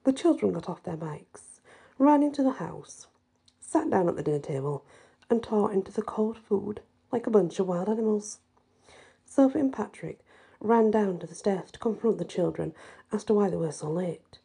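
A woman reading a folk horror story aloud in a measured, slightly hesitant way. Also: medium pitch, animated, creaky, warm tone, breathy edge.

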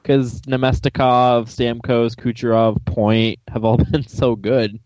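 Excitable, laughing podcast host. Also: male voice, medium pitch, slow pace, no echo, lo-fi sound. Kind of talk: casual chat.

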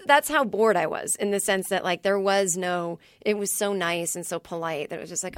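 A woman's voice: on the low side, no room sound. Chatty woman telling stories in a dry studio. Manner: chatty, fast storytelling with many "like"s and acted-out quotes. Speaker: comedy writer and guest. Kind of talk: casual podcast interview.

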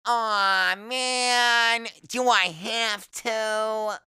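A man doing a high, scared young boy. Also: steady tone, drawn-out words, sharp tone, clear, resonant tone, dry recording, studio quality, exaggerated voice. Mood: anxious boy.

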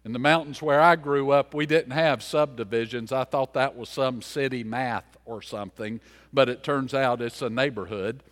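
A man in his fifties from the mountains, a pastor telling a folksy sermon story, swinging from loud to hushed. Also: mid-range voice, fairly even intonation, normal speed, long reverb tail. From US mountains, later Charlotte.

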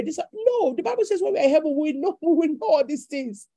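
A woman's voice: sits high, big pitch swings, fast talker, hardly any pauses, warm tone, no room sound. A woman preaching a sermon, emphatic and repetitive in cadence.

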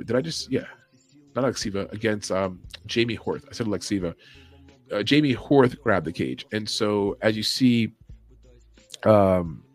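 A man hosting a late-night livestream, chatting loosely with his viewers and swearing freely, and now and then mimicking commentators with sudden yells and whispers. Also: on the low side. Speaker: podcast host. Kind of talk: casual livestream chat. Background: faint music playing.

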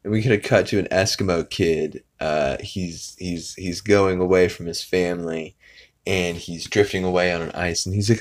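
Deep voiced dude rambling thru a cartoon recap on his podcast, lots of uhs. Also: normal speed. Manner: rambling retelling with many fillers, laughing along. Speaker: podcast host. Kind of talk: casual episode recap.

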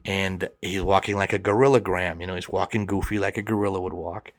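A middle-aged man tells a personal story in a lowish voice, animated and quick to slip into the voices of the people in it. The sound is dry and close, with no room around him. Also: dry recording. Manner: animated, acts out the quoted voices. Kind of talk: personal story told to a listener.

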